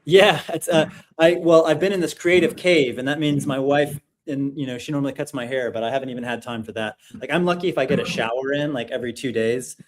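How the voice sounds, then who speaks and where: A man's voice: medium pitch, quick pace. A man in his thirties hosting a casual online showcase over a video call, talking in an upbeat, rambling way with lots of fillers. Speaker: livestream showcase host.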